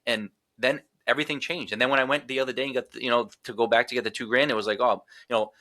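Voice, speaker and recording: A man's voice: medium pitch, fairly even intonation, very fast, sharp tone, no room sound. A man talking as a podcast guest in casual chat, ranting emphatically and swearing often.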